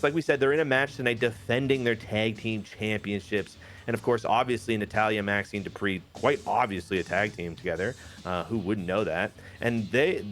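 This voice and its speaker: A man casually telling the story of his wrestling game matches, jokey and animated. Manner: animated, jokey, briefly puts on high-pitched character voices. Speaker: host booking a wrestling game.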